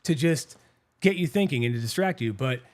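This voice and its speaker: A man's voice: mid-range voice, animated, brisk. A man casually retelling a race he competed in, acting out other people's lines as he goes. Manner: storytelling, acts out quotes in put-on voices. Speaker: podcast host and race competitor. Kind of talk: casual chat.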